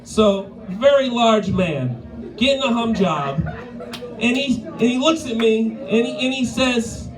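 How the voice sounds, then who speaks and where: A man's voice: extremely high pitch, animated, takes it slowly, crowd noise, rough recording. A man from Maine doing a live stand-up set, crude and profane, laughing at his own jokes. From Maine, USA. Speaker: stand-up comedian. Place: live comedy venue.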